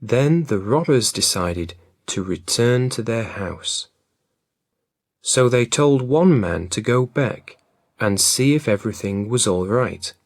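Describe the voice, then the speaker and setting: Male storyteller, very slow clear folk-tale read, dry close sound. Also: mid-range voice, lively intonation, dry recording. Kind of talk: folk tale read-aloud for English learners.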